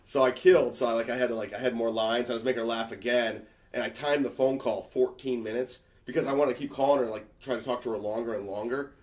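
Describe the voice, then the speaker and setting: A middle-aged man, a comedian, telling a long funny story on a podcast in a rapid, animated way. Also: mid-range voice. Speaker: comedian guest.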